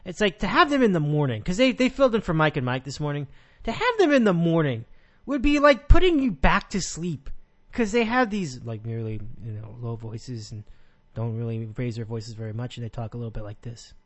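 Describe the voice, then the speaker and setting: A man's voice: on the high side, big pitch swings, brisk. A man hosting a casual sports podcast, talking in a rambling way with frequent restarts. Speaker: podcast host.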